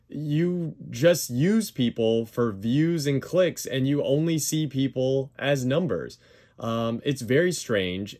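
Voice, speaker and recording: A man's voice: mid-range voice, darkish tone. A man giving commentary over clips, defensive and emphatic as he rebuts claims point by point. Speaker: YouTuber responding to a dispute.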